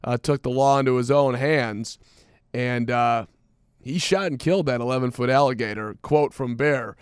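A man co-hosting a radio show, telling a news story in a dry, deadpan way with plenty of fillers. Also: mid-range voice, normal speed, smooth, dry recording. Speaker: radio co-host. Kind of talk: casual morning radio banter.

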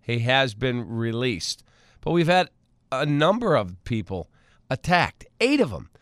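A man's voice: mid-range voice, very animated, measured pace, no room sound, clean studio sound. A man hosting a radio talk show, telling news stories in a wisecracking, casual way and laughing easily. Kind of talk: casual morning radio banter.

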